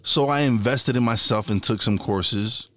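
A man with a mid-range voice talks at a normal speed, recorded with no echo. He hosts his own podcast and radio show, chatting casually, swearing freely, and getting so animated that he repeats and restarts his words.

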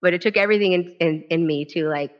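A woman who is an author and former legislator tells a personal story from a podium at a live event. She talks in an animated way, with quick restarts and quoted dialogue. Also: lowish voice. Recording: dull lo-fi event recording.

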